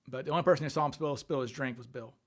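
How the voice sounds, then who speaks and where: A man's voice: mid-range voice, rapid-fire, a bit bright. A man hosting a casual livestream, thinking aloud and answering questions from viewer chat. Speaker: livestream host.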